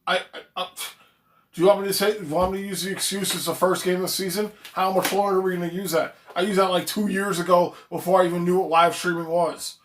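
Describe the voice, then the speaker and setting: A man's voice: sits high, little pitch movement, fast talker. A man ranting on a live stream as a fan reacting to a game, swearing freely, getting fired up and reading viewer chat aloud. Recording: echoey room.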